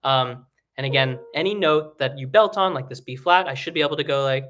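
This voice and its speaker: A man teaching singing in a casual, rambling way, with many fillers and restarts, breaking into high sung examples. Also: brisk, fairly bright tone. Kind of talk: live online singing lesson.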